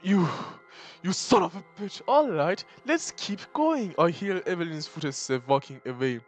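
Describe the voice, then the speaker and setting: A man's voice: high voice, animated, unhurried, soft background music. Joking, swearing young man reading a visual novel. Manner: swears and jokes between dramatic reading.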